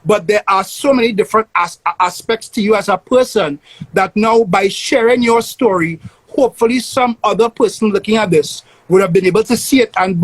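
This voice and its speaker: A man's voice: high voice, moderate pace, dry recording, low-quality recording. A man hosting a casual interview, earnest and motivational. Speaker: host.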